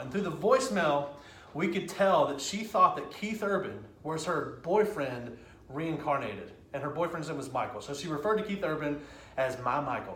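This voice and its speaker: A man's voice: on the high side, a little hiss or hum. Man telling stories in an echoey hall. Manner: lively, conversational storytelling with quick asides. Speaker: speaker. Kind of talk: storytelling speech.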